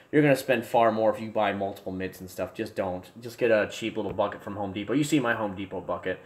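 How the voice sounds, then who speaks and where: A young man casually chatting to his livestream viewers from a room at home, rambling, restarting sentences and breaking into excited bursts. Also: lowish voice. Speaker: livestream host. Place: home room with desk and gear.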